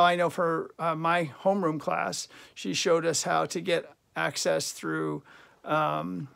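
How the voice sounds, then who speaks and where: A man's voice: a little high, vocal fry, a bit bright. A middle-aged male teacher giving a recorded class lesson, chatty and jokey, with lots of fillers and restarts.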